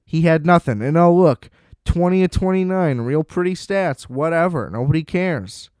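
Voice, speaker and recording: A man's voice: on the high side, lively intonation, normal speed, a little mellow, smooth, no echo, studio quality. A man hosting a podcast, ranting about football in a blunt, profane, sarcastic way. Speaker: podcast host. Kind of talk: ranting sports commentary.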